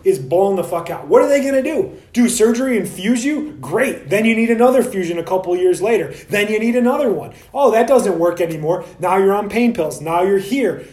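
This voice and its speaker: A man ranting on a solo podcast, heated and profane, mocking other practitioners in quick asides. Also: high-pitched, a little mellow, reverberant.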